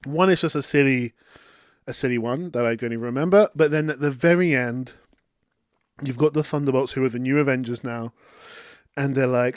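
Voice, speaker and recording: A man hosting a casual, chatty movie review, talking excitedly and often saying "like". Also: medium pitch, normal speed, dry recording, clean studio sound. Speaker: film review host.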